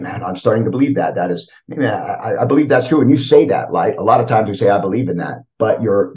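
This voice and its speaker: Low-voiced man rambling on a lo-fi line. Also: darkish tone. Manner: rambling, many fillers and "right?" checks. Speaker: podcast guest. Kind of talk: casual reflective talk. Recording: dull lo-fi audio.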